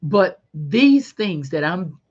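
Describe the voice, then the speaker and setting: A middle-aged woman hosting a podcast, giving a faith-based motivational talk in a folksy, animated way and calling listeners honey. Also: fairly low pitch, slow, slightly rough, dull audio. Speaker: podcast host.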